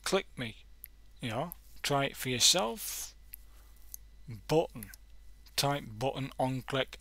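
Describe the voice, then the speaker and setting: A man runs a casual screen-recorded coding lesson, rambling and self-correcting as he browses examples. His voice is bright and forward. The recording is dry, with no room sound. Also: medium pitch, no room sound. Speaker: coding tutorial host.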